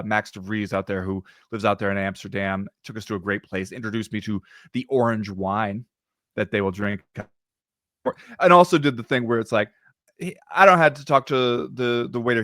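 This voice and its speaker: Animated American man telling travel stories. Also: fairly low pitch, no room sound, clean studio sound. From United States. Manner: animated storyteller, swears casually. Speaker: podcast co-host. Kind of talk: casual chat.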